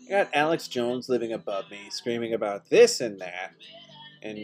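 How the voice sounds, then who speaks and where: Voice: medium pitch, sing-song, moderate pace, a little mellow. A podcast host giving a comedic, rambling solo monologue at home. They slide into an absurd, self-pitying rant full of swearing. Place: apartment at home. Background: rock music playing faintly.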